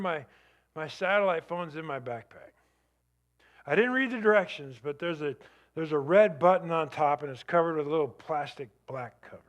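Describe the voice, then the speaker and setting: A man with a slightly high voice speaks as a guest at a church. He tells a dramatic personal story with vivid energy. His voice surges up and then sinks low and quiet. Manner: vivid, animated retelling with sudden drops to a hush.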